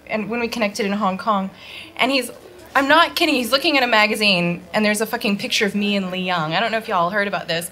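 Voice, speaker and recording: A woman's voice: mid-range voice, bright, forceful tone. A woman from the US doing a casual, rambling stand-up set on a handheld mic, laughing at her own jokes. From Detroit, USA. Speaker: stand-up comedian. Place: bar with live audience. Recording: live club audience noise. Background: audience laughter.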